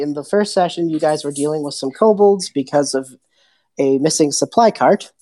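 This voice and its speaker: A young woman running a tabletop game podcast as game master, relaxed and teasing in casual chat. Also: low-pitched.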